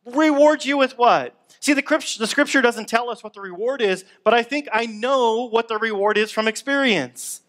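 Male pastor, high voice, chatty upbeat sermon delivery. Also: moderate pace, few pauses, a bit bright. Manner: conversational, upbeat preaching with acted-out everyday complaints.

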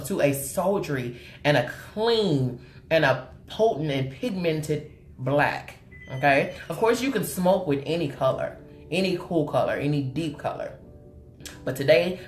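A woman hosting a live makeup tutorial, chatting with her viewers as she works and calling them honey and sugar. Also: low voice. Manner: animated and chatty, greets viewers with terms of endearment. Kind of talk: live-stream chat with viewers while demonstrating makeup. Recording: roomy echo with faint music behind.

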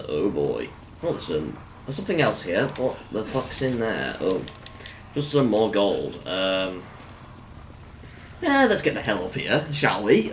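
A man's voice: sits low, very animated, slow pace, a bit bright, a little hiss or hum. A man giving casual let's-play commentary, chatty and swearing, with lots of fillers and laughing at his own jokes. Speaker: gamer.

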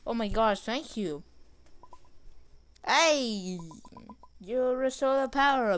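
A woman giving casual gameplay commentary, reading game dialogue aloud in an excitable way. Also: sits high, slow, long pauses, clear, resonant tone. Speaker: gamer.

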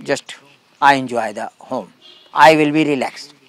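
A man giving a spiritual talk to a gathering in simple, broken English, calmly repeating short phrases. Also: mid-range voice, measured pace, dry recording. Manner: calm, emphatic contrasts. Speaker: spiritual teacher.

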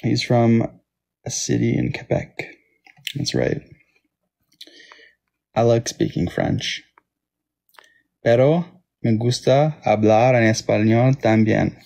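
A man's voice: medium pitch, slow pace, gravelly, long pauses, mellow. A man with a Toronto Canadian accent, chatting casually on a live stream and thanking viewers by name. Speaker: livestream host.

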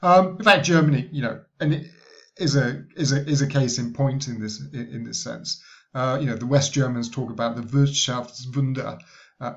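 A male university lecturer giving a recorded lecture, talking in a halting way with many restarts. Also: medium pitch, gravelly, muffled recording. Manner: hesitant, many fillers and restarts.

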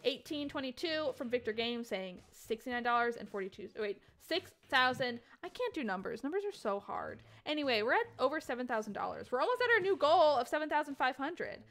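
A woman's voice: high voice, very animated, fairly quick, hardly any pauses, fairly bright tone. A woman hosting a charity game stream in casual chat, giggly and chatty as she reads out donations.

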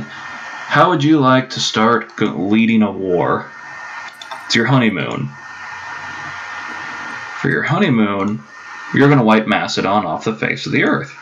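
Gravelly man swearing through a strategy game. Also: mid-range voice. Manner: chatty, swears, jokes to himself. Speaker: gameplay commentator. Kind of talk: casual let's-play commentary. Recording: dull lo-fi mic with clear noise.

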